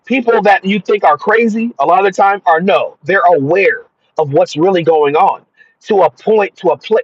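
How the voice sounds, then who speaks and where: A man's voice: sits high, breathy edge, no room sound. A man giving an emphatic, repetitive religious monologue about spirits. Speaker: spiritual commentator. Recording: dull dry lo-fi sound.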